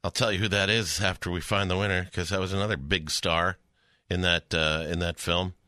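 Bright, playful radio host man. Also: low-pitched, flat delivery, brisk, smooth, no room sound, studio quality. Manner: upbeat, playful, barker-like. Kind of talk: radio quiz banter.

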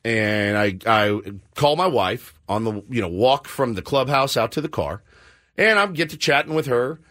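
With a medium-pitched voice and moderate pace, this middle-aged man hosts a radio show and tells a self-deprecating story as casual banter. He animatedly slips into the voices of the characters involved.

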